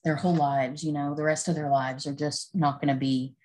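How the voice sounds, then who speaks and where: Low-voiced woman, laid-back. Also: little pitch movement, brisk, a little mellow, poor audio. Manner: laid-back, agreeable, easy laughs. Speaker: podcast co-host. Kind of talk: casual chat.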